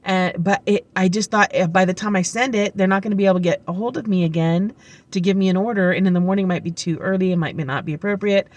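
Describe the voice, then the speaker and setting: A woman's voice: mid-range voice, quick pace. Chatty woman telling rambling stories. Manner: rambling, chatty storytelling with many fillers; upbeat and heartfelt. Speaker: vlogger. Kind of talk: casual chat to camera.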